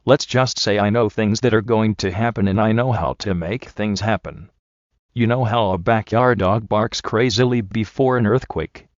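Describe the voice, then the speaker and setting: A man's voice: fairly low pitch, normal speed, dry recording, muffled recording, lightly acted. A man voicing a coaxing villainous guru. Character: smooth menacing male motivational speaker villain.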